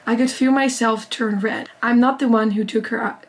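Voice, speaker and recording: Young woman, fairly high voice, book vlogger reading aloud with excited asides. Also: normal speed, low-quality recording. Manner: reads in a steady first-person narration, bursting into excited reactions. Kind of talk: reading a novel aloud with reactions.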